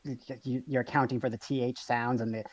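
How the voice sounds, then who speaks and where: A man's voice: medium pitch, flat delivery, fast, dry recording. A man playing in an online tabletop game, hesitant and self-conscious, often restarting his sentences. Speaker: player. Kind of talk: casual tabletop game chat.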